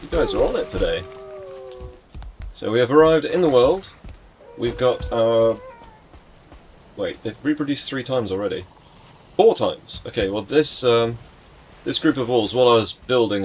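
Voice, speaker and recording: A man's voice: mid-range voice, normal speed, long pauses, soft background music. A young man chatting casually to his live chat as he streams a game, greeting viewers by name and joking around.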